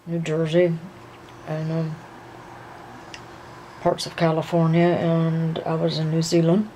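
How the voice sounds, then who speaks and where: Woman doing a soft-spoken young male dancer. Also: low voice, completely flat delivery, slight background noise, rough recording. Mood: gentle. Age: young adult. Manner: slow, soothing, hesitant with many ums. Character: young adult male dancer, gentle and reassuring.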